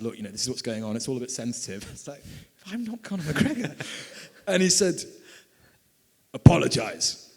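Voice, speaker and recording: British man in his 30s, lively anecdote-teller at a live talk, reverberant hall. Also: a little high. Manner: animated, laughing storyteller. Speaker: author and filmmaker. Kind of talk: storytelling at a book talk. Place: event hall.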